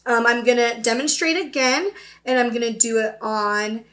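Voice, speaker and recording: A woman's voice: a little high, normal speed, a bit bright. A young woman teaching an upbeat virtual voice lesson, explaining terms and checking in with her students. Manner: upbeat, explains then demonstrates, often checks with "okay?".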